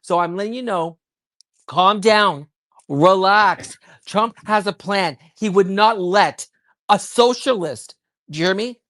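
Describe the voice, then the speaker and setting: A woman giving heated, rapid political commentary, worked up and emphatic, with frequent restarts. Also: mid-range voice, a bit bright. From child of immigrants.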